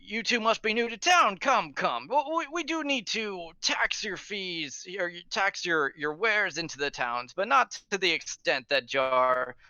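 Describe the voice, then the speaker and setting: A man's voice: high-pitched, expressive, measured pace, few pauses, bright, forceful tone, no room sound, highs cut off, voice pushed up, heavily acted. A man voicing a drunk, jovial elderly male guard captain who hiccups and stumbles over his words in a tabletop game.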